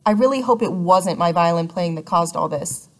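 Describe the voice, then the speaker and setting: A woman reading an audiobook and voicing a calm, organized older sister who takes charge of her siblings. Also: on the low side, normal speed, natural voice. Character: thoughtful eldest sister, organized leader.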